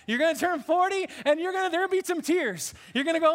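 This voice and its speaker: A man in his fifties preaching a sermon as a pastor, animated and emotional, often restarting his sentences. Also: very high voice, a little fast, big-room sound. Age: 50s.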